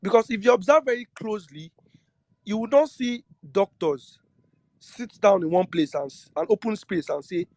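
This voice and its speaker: A man's voice: sits high, fairly quick, a little mellow, no room sound. A man giving an earnest lecture on trading psychology, often repeating himself and asking listeners questions. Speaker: trading teacher. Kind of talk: lecture-style talk to trading students.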